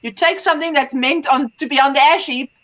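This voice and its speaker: Bright high-voiced woman hosting a chat. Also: brisk, poor audio. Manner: chatty, greets viewers by name, laughs often. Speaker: livestream host. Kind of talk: casual livestream chat.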